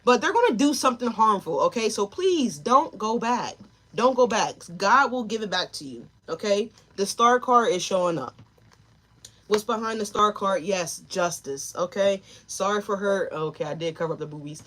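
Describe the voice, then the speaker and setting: A woman's voice: mid-range voice, animated, moderate pace, fairly bright tone. A woman giving a live tarot reading, talking straight to her viewers and chat, emotional and tearful at times. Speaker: tarot reader.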